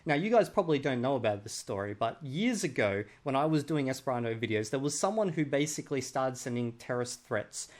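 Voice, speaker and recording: A man's voice: medium pitch, animated, a little fast, few pauses. A man hosting a reaction video, commenting sarcastically and mockingly on a clip he reviews.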